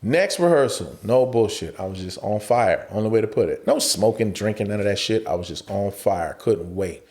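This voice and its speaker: A man's voice: fairly low pitch, lively intonation, moderate pace, darkish tone. A man in his forties, an actor guest telling a story on a podcast, laughing often and acting out the voices of other people.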